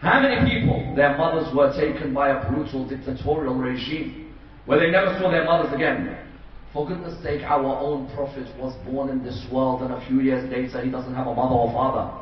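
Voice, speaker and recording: Speaking at a fairly quick pace in a medium-pitched voice, a preacher delivers a majlis sermon in a large community hall. He tells a story with drama, giving voice to its characters, and the recording is dull, distant, and echoey.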